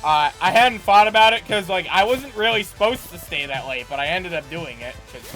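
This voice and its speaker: A man co-hosting a podcast, telling a long anecdote in a rambling, animated way with many restarts. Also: high-pitched, fairly quick, faint music behind. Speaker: podcast co-host. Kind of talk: casual storytelling chat.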